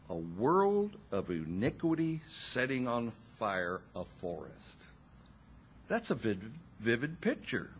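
Slow, expressive, husky male preacher. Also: on the low side, slight background noise. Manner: slow, expressive preaching with dramatic pauses and wry asides. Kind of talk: sermon.

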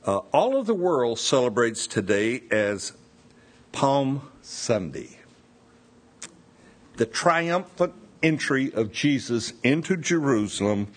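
A man preaching a sermon, reading scripture aloud and adding relaxed, informal asides. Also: medium pitch. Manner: unhurried, expressive preaching with asides. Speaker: pastor.

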